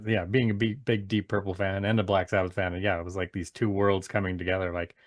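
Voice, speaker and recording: A man's voice: deep voice, little pitch movement, fast talker, dry recording, studio quality. A man hosting a casual music podcast, eagerly retelling band stories and laughing often. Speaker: podcast host. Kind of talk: casual chat.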